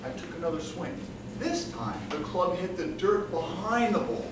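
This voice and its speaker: High, lively man telling a comic story. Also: normal speed. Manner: animated storytelling with comic timing. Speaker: contest speaker. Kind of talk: humorous competition speech. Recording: echoey hall from far off, with room noise. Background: audience laughter.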